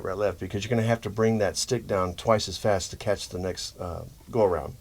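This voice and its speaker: A man teaching drum rudiments in a relaxed, explanatory way, often checking in with "okay?". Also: fairly low pitch, moderate pace. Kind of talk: instructional demonstration.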